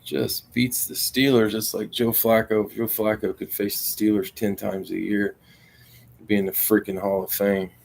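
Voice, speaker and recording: A man's voice: fairly low pitch, little pitch movement, moderate pace, gravelly, a little mellow. A man hosting a casual stream, reading out names for a football squares board and grumbling when his tablet loses his numbers. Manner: grumbling, frustrated, muttering to himself. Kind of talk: casual live-stream chat.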